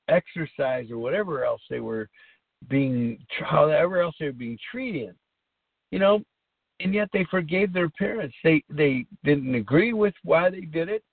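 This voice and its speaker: This podcast host is a middle-aged man whose gravelly voice sits on the high side. He runs a recovery talk show in an earnest, rambling way, often repeating himself, over a tinny, phone-like line with no echo.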